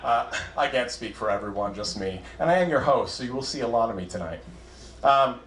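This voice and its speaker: A man's voice: medium pitch, expressive, a little fast, fairly bright tone, slight background noise. A young man doing a stand-up set as host, self-deprecating and chatty with the crowd, speaking into a handheld mic on a club stage. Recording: roomy club sound. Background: audience laughter.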